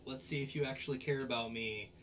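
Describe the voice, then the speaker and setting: A man's voice: medium pitch, steady tone, fast talker, a bit bright, a little hiss or hum, natural voice. A man voicing a bored, scheming teenage girl from an anime, taunting and mocking.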